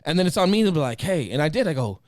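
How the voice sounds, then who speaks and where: A man from the United States co-hosting a podcast in casual chat, animated and profane, acting out his friends' words. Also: on the high side, very fast, dry recording, studio quality. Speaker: podcast co-host.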